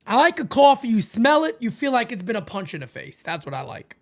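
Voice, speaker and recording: A man hosting a live-stream watch party, calling the baseball game and chatting with viewers in a casual, excitable way. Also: fairly quick. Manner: animated, jumps into high excited calls then drops low and quiet.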